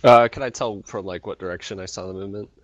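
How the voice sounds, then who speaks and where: A man playing a tabletop role-playing game, relaxed and hesitant, with fillers. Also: lowish voice, fast talker, no echo. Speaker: player. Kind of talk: casual tabletop role-play.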